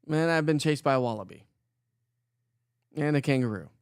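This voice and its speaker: A man's voice: on the high side, lively intonation, normal speed, clean tone, no room sound, clean studio sound. A man from Colorado hosting a morning weather livestream, chatting casually and greeting viewers by name in an upbeat, joking way. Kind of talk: casual live-stream chat reading viewer comments.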